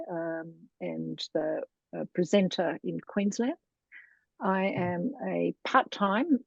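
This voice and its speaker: A woman's voice: medium pitch, vocal fry, darkish tone, dry recording. A middle-aged Australian woman telling her story in a casual interview, chatty and wandering, laughing often. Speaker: guest, Montessori lecturer. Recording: dull, dry lo-fi sound.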